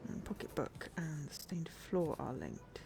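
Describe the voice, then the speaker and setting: A woman's voice: low voice, very animated, unhurried, creaky, music in the background. A woman streamer chatting casually and rambling as she plays a game, laughing easily. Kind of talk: casual let's-play commentary.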